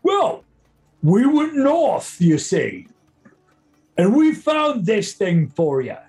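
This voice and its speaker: A man puts on a bumbling monster hunter's voice, pushed far up in pitch. The hunter rambles and hesitates, tripping over each word. Faint music plays behind him. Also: huge pitch swings, very slow, a little mellow, exaggerated voice. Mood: rambling. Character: bumbling male bugbear and minotaur hunters.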